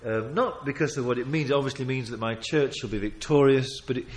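A man preaching a sermon, emphatic, with sudden loud swells, quiet asides and chuckles as he tells stories. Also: mid-range voice, fast. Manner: chuckles while telling stories.

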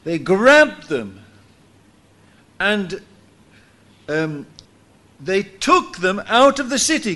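A man preaching a sermon in church, telling a story lively and acting out what people said. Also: sits high, drawn-out words, pauses often. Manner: animated storytelling, acts out quotes with laughs.

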